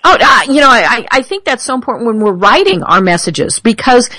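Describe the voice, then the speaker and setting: Female podcast host, animated, higher voice, agreeable, dry room. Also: fairly quick, no room sound, low-quality recording. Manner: lively, agreeable, frequent affirmations. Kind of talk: podcast interview conversation.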